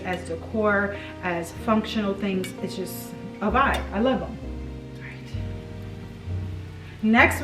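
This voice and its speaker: A woman gushing over her decor finds in a casual, chatty haul vlog. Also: medium pitch. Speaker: home decor vlogger. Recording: echoey room, mic at a distance, music behind.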